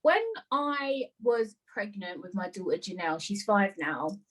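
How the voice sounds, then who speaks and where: A woman hosting a podcast, chatting casually and telling stories in an animated, self-mocking way. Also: medium pitch, a little slow, low-quality recording. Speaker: podcast host. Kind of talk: casual chat.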